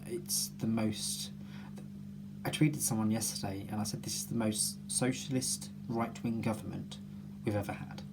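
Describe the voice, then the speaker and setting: A man's voice: lowish voice, vocal fry. Man rambling through a noisy video diary. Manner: rambling, many ums and restarts, musing aloud. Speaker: vlogger. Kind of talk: casual personal video diary.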